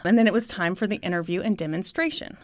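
A woman's voice: mid-range voice, quick pace, no echo. A woman co-hosting a comedy chat show, telling a story in a playful, teasing way. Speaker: podcast co-host.

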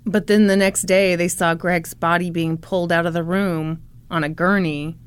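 A woman's voice: lowish voice, fairly even intonation, normal speed, smooth. A woman co-hosting a podcast, telling a true-crime story casually with sarcastic, laughing asides and swearing.

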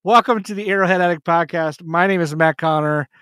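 A man co-hosting a casual sports podcast, jokey and self-deprecating, talking in quick bursts. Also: on the high side, fairly bright tone, clear, resonant tone, dry recording, clean studio sound. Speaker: podcast co-host.

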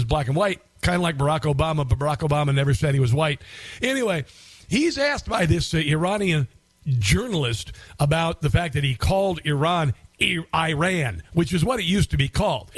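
A middle-aged man hosting talk radio, voice pitched a bit high for a man. He rambles with fillers and sarcasm, recorded dry and close in a studio booth. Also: no room sound. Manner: rambling, sarcastic, talks over the clip. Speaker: radio talk show host. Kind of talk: political talk radio commentary.

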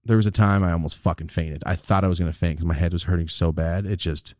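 A deep-voiced young man co-hosts a podcast at a quick pace, recounting in casual chat how he got over a sinus infection. His animated storytelling is full of swearing and acted-out quotes, captured in a dry, studio-quality recording.

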